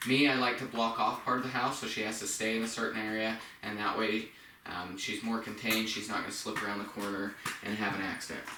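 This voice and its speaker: A man working as a dog trainer, explaining house-training in a relaxed, casual way and praising the dog in a high voice now and then. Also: a little fast, background noise. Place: indoors at a home. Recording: echoey room, distant from the mic.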